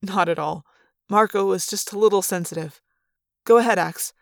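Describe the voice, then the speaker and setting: A calm teenage boy leads the group in a firm, reassuring voice, as a woman reader puts him on. He sounds steady and businesslike. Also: medium pitch, normal speed, gravelly, no echo, clean studio sound, natural voice.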